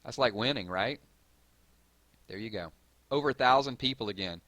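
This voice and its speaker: A man with a Southern drawl hosting a live stream, reading viewer comments and hyping up his audience in a rambling, excitable way. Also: medium pitch, moderate pace, no room sound. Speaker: gaming channel host.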